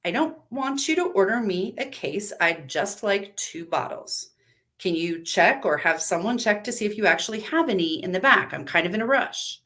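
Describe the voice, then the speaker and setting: A woman acts out a worn-out woman at her breaking point, in a live story reading. Her words come clipped and bitter, pushing louder as her patience runs out. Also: medium pitch, lively intonation, normal speed, lightly acted. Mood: strained politeness. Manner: clipped, bitter, rising to shouting.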